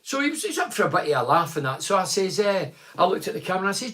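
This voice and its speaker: Scottish guy rambling on a live stream, reads comments, tells old stories, voice sits a touch high. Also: sing-song, very fast, few pauses, fairly bright tone. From Scotland. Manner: chatty, reads out viewer comments and tells anecdotes. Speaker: host of a live chat stream. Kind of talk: casual chat.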